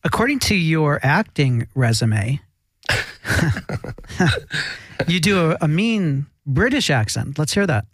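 A man's voice: fairly high pitch, sing-song, takes it slowly, pauses often, a bit bright, no echo. A man hosting an interview, teasing his guest in an upbeat way. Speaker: host, interviewer. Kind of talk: casual interview chat.

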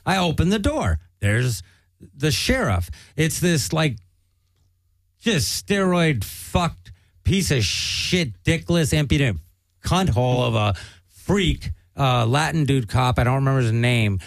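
A man's voice: mid-range voice, lively intonation, takes it slowly, no echo, poor audio. A man telling a long, profane story on a casual talk show and acting out the voices of the people in it. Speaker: guest comedian.

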